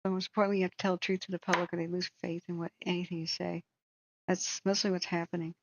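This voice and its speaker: Low-voiced woman venting about wildfire coverage, swears a lot, kinda dull lo-fi sound. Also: flat delivery, quick pace, noisy background. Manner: blunt and heated, swearing. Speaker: wildfire tracking vlogger. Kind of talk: angry commentary rant.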